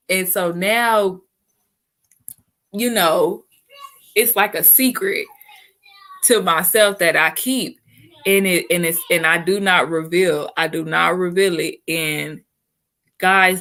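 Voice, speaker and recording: A woman speaks candidly in relaxed conversation, circling back with easy asides to her listener. Her voice sits somewhat low but has a bright, forward edge. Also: slow pace, pauses often. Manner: frank and chatty, often says "you know what I'm saying". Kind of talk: candid casual chat.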